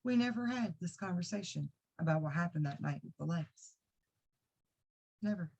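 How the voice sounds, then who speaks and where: A woman's voice: on the low side, lively intonation, moderate pace, vocal fry, a little mellow, husky. A woman who does psychic readings, earnestly recounting a personal experience to camera in a rambling way with many fillers. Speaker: psychic reader and video diarist. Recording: dull lo-fi sound.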